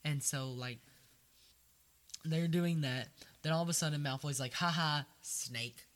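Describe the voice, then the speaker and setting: Animated man retelling a story. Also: fairly high pitch. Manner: animated, acts out characters in quick voices. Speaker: podcast co-host. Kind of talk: casual chat retelling a book.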